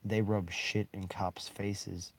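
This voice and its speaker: A man's voice: on the low side, level tone, slow pace. A man in a rambling, bitter monologue, swearing heavily and breaking into short laughs. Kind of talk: angry monologue.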